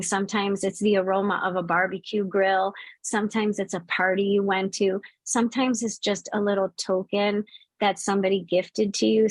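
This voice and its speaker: A woman's voice: mid-range voice, dry recording. A middle-aged woman hosting a spiritual channel, speaking casually to viewers and telling a personal story with many fillers and restarts.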